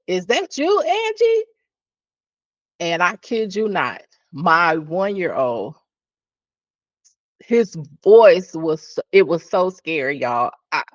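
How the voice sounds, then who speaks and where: A woman's voice: lowish voice, no echo, muffled recording. A woman hosting a podcast, telling a personal story in a candid, conversational way with restarts and asides to her listeners. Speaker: podcast host.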